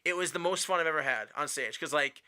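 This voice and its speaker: A man's voice: a little high, quick pace, sharp tone, smooth. A man from Wisconsin, a stand-up comedian, telling stories in casual chat, rambling with many fillers and restarts and acting out what people said. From Wisconsin, USA.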